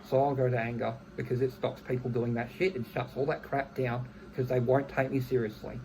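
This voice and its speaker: A gravelly man in his thirties vents in a casual monologue. His voice is dark and rough, and he talks bluntly and angrily, swearing freely and tripping over restarts. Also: mid-range voice, brisk, slight background noise, poor audio. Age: 30s. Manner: angry, blunt, swears heavily, restarts phrases. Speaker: vlogger.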